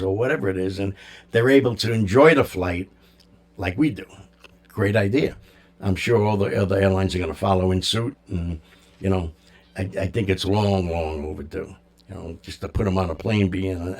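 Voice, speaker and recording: A man's voice: low voice, normal speed, creaky, pauses often, darkish tone. A man hosting a music talk show, rambling casually in an opinionated, jokey way. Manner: chatty, opinionated, jokey, lots of fillers.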